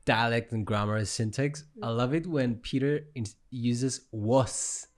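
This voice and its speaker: A man in an easygoing podcast conversation, teasing the others and breaking into laughter often. His voice sits at an ordinary pitch and he keeps the tone light. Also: a little slow. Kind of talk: casual chat.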